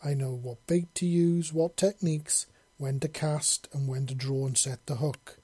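A man doing a loud, gruff old fisherman. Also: a little high, fairly even intonation, measured pace, dry recording. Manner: stern, boastful, calls her lassie.

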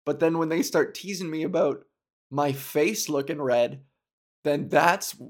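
Man, casual rambling monologue, unhurried delivery, laughs a lot, mocking impressions of others. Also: a little high. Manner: animated, laughs often, mimics others mockingly.

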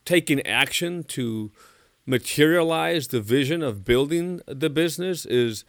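A man's voice: a little high, lively intonation, measured pace, dry recording. Man interviewing, dry close sound. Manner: thoughtful, hesitant with fillers. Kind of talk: conversational interview.

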